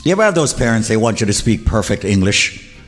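A Jamaican man hosting a radio show, talking in an animated, emphatic and opinionated way. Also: fairly low pitch, fast talker. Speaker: radio host. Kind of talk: casual radio talk. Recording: radio broadcast with reverb and music.

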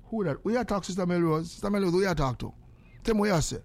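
A man's voice: sits high, fast talker. An older man with a Jamaican accent, telling stories in a casual way, acting out the exchanges he quotes, and breaking into prayer. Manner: animated, acts out quoted exchanges.

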